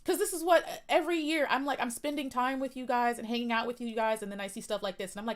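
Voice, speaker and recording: A woman's voice: a little high, fast, few pauses. A young woman live-streaming an upset rant about pageant fans, near tears, with her voice rising and falling as she repeats herself.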